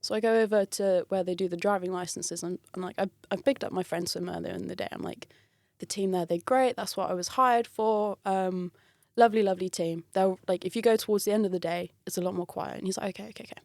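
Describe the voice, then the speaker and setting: A woman telling a long anecdote in a relaxed chat. She laughs often and jumps into the voices of the people she quotes. Her voice sits at a middling pitch, and the room sound is dry and close. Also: fast, creaky, few pauses, dry recording. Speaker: guest telling a work story. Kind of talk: casual storytelling.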